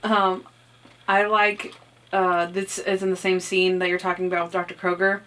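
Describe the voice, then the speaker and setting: A woman's voice: lowish voice, normal speed. A young woman co-hosting a podcast, chatting casually and acting out characters' lines as she recaps an episode. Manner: animated, acts out characters' lines in quoted voices. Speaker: podcast co-host.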